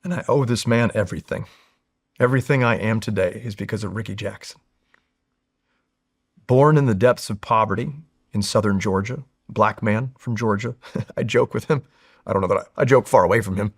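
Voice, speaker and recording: A man in his forties, a Marine veteran, telling stories in a casual, candid, animated way with frequent fillers and swearing. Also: fairly low pitch, normal speed. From California. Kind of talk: casual storytelling in a long-form interview.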